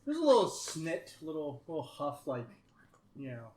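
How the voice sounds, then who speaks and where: A man running a tabletop game, narrating in a playful, halting way with plenty of fillers. His voice is a touch high for a man, with a roomy echo and a faint hiss behind it. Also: wildly swooping pitch, darkish tone. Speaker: game master.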